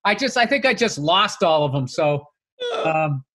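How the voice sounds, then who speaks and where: A man's voice: on the high side, animated, normal speed, a bit bright. A middle-aged man, a comedian co-hosting a podcast, talking in a rambling, self-deprecating way with many restarts. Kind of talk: casual chat.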